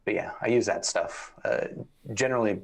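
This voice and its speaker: Guest reviewer, a man with a lowish voice, measured and casual, stumbles into his sentences. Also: gravelly. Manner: measured, repeats words when starting. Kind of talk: casual live-stream chat.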